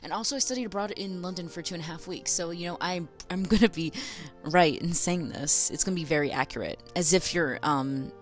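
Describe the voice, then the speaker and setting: Soft background music accompanies this video essay host, a young American woman speaking a little fast in a lowish voice. She's sarcastic and chatty, laughing between her lines and tossing off asides.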